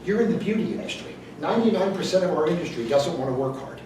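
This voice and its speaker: A fast-talking, expressive motivational speaker with a fairly high-pitched voice jokes with a live audience in an event hall and tests them with questions. The sound is echoey and distant, and the background is noisy.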